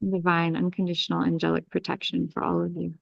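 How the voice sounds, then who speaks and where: A woman astrologer leading a live group energy-clearing meditation, with soothing, repetitive invocations and breathing cues. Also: fairly low pitch, completely flat delivery, a little fast, no room sound, muffled recording.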